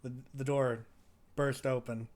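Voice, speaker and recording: A man's voice: medium pitch, flat delivery, a little slow, noisy background. Male game master, casual, easy, agreeable narration.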